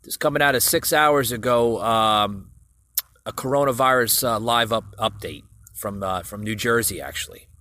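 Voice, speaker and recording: A man hosts a solo podcast, rambling through the news in a casual commentary full of fillers and restarts as he speaks directly to his listeners. His voice sits at a medium pitch, with a moderate pace and a bright, forceful tone.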